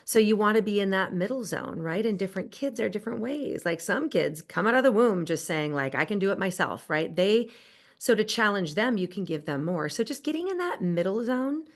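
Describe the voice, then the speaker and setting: A woman's voice: mid-range voice, animated, brisk. A woman guest on a podcast, explaining research in an enthusiastic, conversational way. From United States. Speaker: podcast guest, positive psychology expert. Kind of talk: conversational interview. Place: Southern California.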